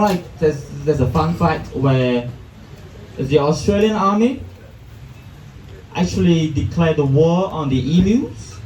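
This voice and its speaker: A male stand-up comedian, halting with many restarts and fillers, performing in a comedy club. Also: mid-range voice, dark tone, echoey room, recorded from a distance, a little hiss or hum, low-quality recording. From Vietnam. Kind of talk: stand-up set.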